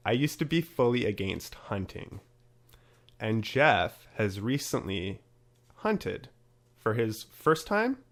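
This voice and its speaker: A man's voice: on the low side, sing-song, takes it slowly, fairly bright tone. A man hosting a casual podcast, chatty and upbeat as he runs through promos and talks with his guest. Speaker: podcast host.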